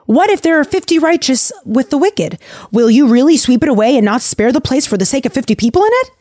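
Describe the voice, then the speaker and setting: A woman doing a high, pleading old bargainer. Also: very animated, fast talker, a little mellow, dry recording, clean studio sound. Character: pleading older man, anxious bargainer.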